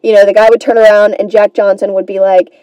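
A woman's voice: mid-range voice, level tone, fast talker, dark tone, clean tone, no room sound, muffled recording. A woman hosting a comedy podcast, telling a rambling, self-deprecating story in a casual monologue and swearing freely.

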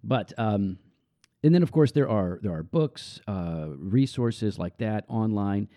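A man's voice: on the low side, animated, slow, warm tone, dry recording. A man, a pastor, speaking earnestly and reflectively in a podcast interview. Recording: dull lo-fi dry sound.

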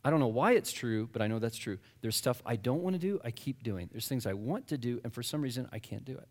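Guy telling his faith testimony, super animated, bounces all over in pitch, big hall echo. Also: fast. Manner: animated storytelling, acts out his own past lines. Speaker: guest speaker. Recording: long reverb of a large hall.

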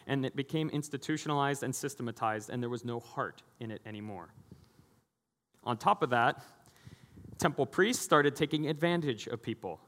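A man preaching in a big, reverberant hall. His sermon is animated and conversational, and he slips into other people's voices as he tells the story. His pitch sits in the middle range for a man. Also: moderate pace. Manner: animated, acting out quoted voices. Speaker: pastor.

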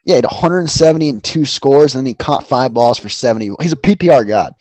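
A man's voice: medium pitch, expressive, fast, darkish tone, no echo. A man co-hosting a casual sports betting chat, rambling and profane with lots of fillers. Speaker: podcast co-host.

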